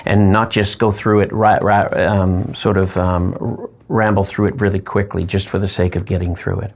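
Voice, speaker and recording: A man, a pastor, giving a short, friendly devotional teaching talk, slowing down to stress words. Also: low voice, flat delivery, a little mellow.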